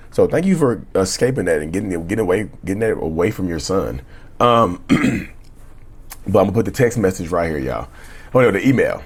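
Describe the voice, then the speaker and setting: A man's voice: deep voice, very animated, moderate pace, husky. A man giving casual commentary as he reads viewer emails aloud and speaks straight to his audience, often repeating words as he goes. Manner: stumbles and repeats words while reading aloud. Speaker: YouTube commentator on narcissistic abuse.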